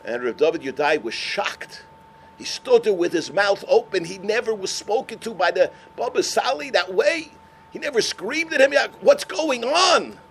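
An older man, a rabbi, telling stories in a sermon, swinging from shouts to hushed words. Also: high-pitched, sing-song, normal speed, slight background noise. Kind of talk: sermon storytelling.

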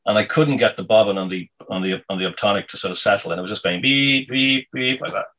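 A man telling a casual anecdote in a meandering, halting way, full of ums and restarts. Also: fairly low pitch, bright, forceful tone, rough recording. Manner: meandering, halting, many fillers. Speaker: storyteller.

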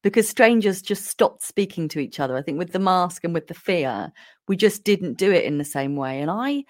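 A woman's voice: fairly low pitch, moderate pace, no room sound, clean studio sound. A woman hosting a podcast, telling stories in casual chat and laughing often. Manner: storytelling, animated, laughs often. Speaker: podcast host.

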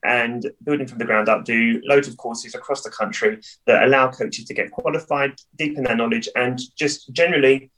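A man with a southern English accent, a cheer coach guesting on a podcast, talking in a playful, lively way. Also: mid-range voice, normal speed, hardly any pauses, low-quality recording. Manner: playful, lively, self-deprecating. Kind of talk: casual podcast chat.

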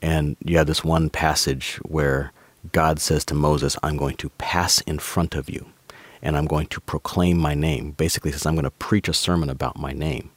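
Man, very low bass voice, dry; pastor-author guest who unpacks scripture calmly. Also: no echo. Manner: measured, explains scripture by quoting verses. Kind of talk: conversational podcast talk.

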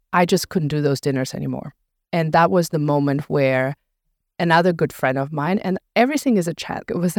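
A woman, a podcast founder interviewed on her own show, telling her story in a relaxed, reflective way with frequent "like" fillers. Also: low-pitched, dry recording, clean studio sound. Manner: reflective storyteller, fills speech with "like". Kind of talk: casual conversational interview.

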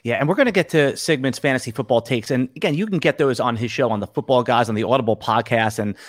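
A man's voice: medium pitch, fast, no room sound, studio quality. A man hosting a podcast, asking curious, friendly questions in a casual interview.

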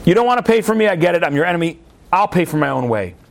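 A man's voice: high-pitched, sing-song, very fast, vocal fry, pitched below the performer's own voice, heavily acted. A man voicing a humiliated guest who begs not to be thrown out. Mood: pleading. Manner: pleading, embarrassed. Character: humiliated man pleading to stay.

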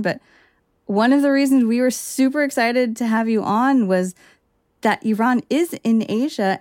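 A woman's voice: medium pitch, darkish tone, no echo. Woman host asking careful interview questions, dry close mic. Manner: measured, thoughtful questions. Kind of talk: interview conversation.

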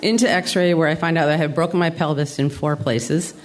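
A woman's voice: low voice, steady tone, brisk, background noise. A woman in her sixties from the Adirondacks of New York, telling a comic, self-deprecating story live on a theater stage. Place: theater stage before an audience.

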